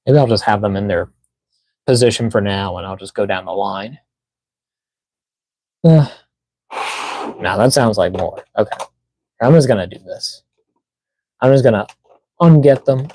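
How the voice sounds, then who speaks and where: A man's voice: medium pitch, darkish tone, low-quality recording. A man chatting casually to himself while unboxing toys on a live stream, muttering as he fiddles with the packaging. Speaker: toy collector streamer.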